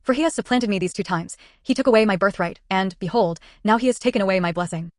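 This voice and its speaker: A woman's voice: mid-range voice, fast talker, dry recording, studio quality, close to an everyday voice. A woman voicing a wronged elder son who pleads bitterly with his father, in a scripted Bible reading.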